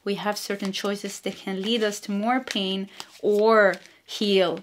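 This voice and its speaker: A woman with a Swedish accent giving a casual spiritual tarot reading, meandering and giggly, gently reassuring. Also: mid-range voice, flat delivery, slow pace, slight background noise. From Sweden. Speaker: tarot card reader.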